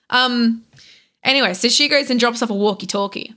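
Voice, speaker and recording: A young woman with a fairly high, crisply bright voice talks on a podcast as a guest. She tells a story in a loose, rambling way, stopping and restarting often and packing her sentences with fillers. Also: a little fast. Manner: rambling, animated retelling with many fillers and restarts. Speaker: podcast guest, content creator. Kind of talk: casual podcast chat.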